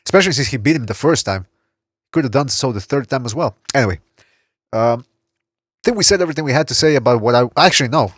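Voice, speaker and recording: A man hosting a boxing podcast in casual chat, blunt and quick to swear and laugh. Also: mid-range voice, expressive, no room sound, studio quality. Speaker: podcast host.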